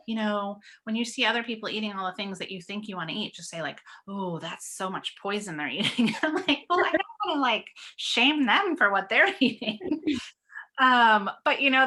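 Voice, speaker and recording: A woman's voice: on the low side, bright, forceful tone. A woman guest on a webinar, sharing personal habits candidly and casually over a video call and laughing as she quotes herself.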